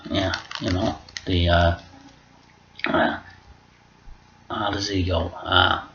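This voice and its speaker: A man's voice: deep voice, slight background noise. A man talking to camera in a casual, rambling vlog monologue, off the cuff and sweary. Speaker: vlogger. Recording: muffled lo-fi recording.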